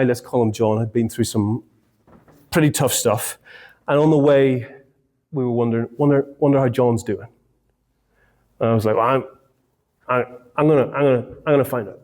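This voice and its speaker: A man's voice: mid-range voice, darkish tone. A man, telling a humorous personal story in a sermon.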